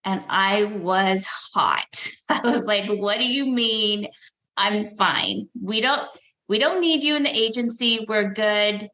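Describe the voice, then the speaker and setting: A woman's voice: medium pitch, slow pace, bright, forceful tone, reverberant. A woman guest telling a personal story in an earnest, emotional way, laughing now and then. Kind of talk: casual storytelling.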